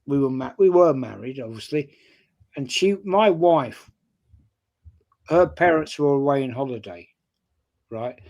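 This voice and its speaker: A man's voice: mid-range voice, expressive, a little slow, long pauses, darkish tone. An older man with a London accent telling a long personal story in casual chat, often checking in with "right?". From North London. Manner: anecdotal, repeats "right?" often. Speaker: fan channel panelist.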